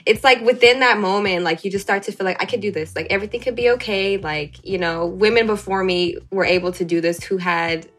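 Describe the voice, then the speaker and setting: A woman's voice: brisk, hardly any pauses. A young woman, a guest in a casual interview, recounting a personal story and acting out the dialogue with big jumps in her voice. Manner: animated, acts out quoted dialogue with big pitch jumps.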